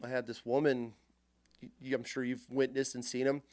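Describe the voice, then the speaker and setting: Animated storyteller man, dry close sound. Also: medium pitch, moderate pace, dry recording. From Texas. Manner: re-enacts arguments in heated quoted voices. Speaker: podcast guest.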